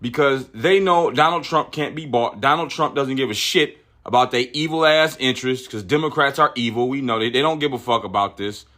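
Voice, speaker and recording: With a medium-pitched, sharp-toned voice, this podcast host talks a little fast and barely pauses. He delivers opinionated political commentary as a profane rant, frequently tripping over and repeating his words.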